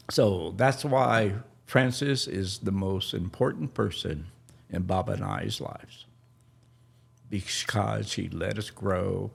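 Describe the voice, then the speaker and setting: A man recounts a family memory on a podcast, his voice low and full of gravel. He moves slowly, pausing and searching for words, tender throughout. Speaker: podcast host. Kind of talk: personal storytelling.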